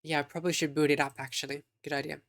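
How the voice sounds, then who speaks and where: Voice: mid-range voice, level tone, racing, a bit bright, dry recording, studio quality. A live streamer, chatting casually and teasingly with viewers. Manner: chatty, teasing, reacting to chat.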